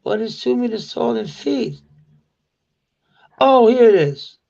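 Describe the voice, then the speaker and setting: A Danish-native man in his forties chats casually on a live stream with a high, gravelly voice and an unhurried pace. He laughs and swears freely and mocks slang in loud, squeaky quotes. The stream audio is dull and lo-fi. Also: animated. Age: 40s.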